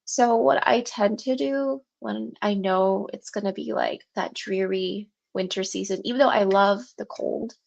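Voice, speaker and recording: Dull audio captures a woman's mid-range, gravelly, slightly mellow voice, delivered at a measured pace with fairly even intonation and few pauses. She hosts a writing livestream from home, congested and short of breath with a sore throat, casually rambling with viewers and laughing often.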